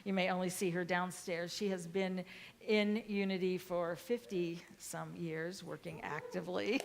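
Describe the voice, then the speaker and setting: Soft-spoken woman minister, lower voice. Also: steady tone, a little slow, vocal fry, slight background noise. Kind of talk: sermon.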